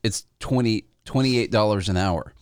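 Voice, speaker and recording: A man's voice: on the low side, moderate pace, clear, resonant tone, no room sound, studio quality. A man co-hosting a podcast, chatting casually about the news, laughing easily and stumbling over names. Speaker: podcast co-host.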